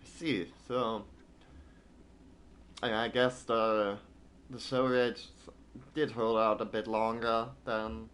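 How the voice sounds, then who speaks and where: A man's voice: lowish voice, flat delivery, slow pace, long pauses, fairly bright tone. A man in the middle of a stream, reading printed game text aloud in a plain voice and then musing about it. His asides wander and stall on fillers and restarts, and his comments come out dry and wry, with a light hiss behind him. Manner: hesitant, filler-heavy asides between readings.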